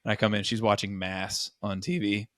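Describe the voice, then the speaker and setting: On the low side and at a moderate pace, a podcast co-host's voice comes through clean studio sound with no room noise. He tells college stories in casual conversation, animatedly acting out the voices of the people involved.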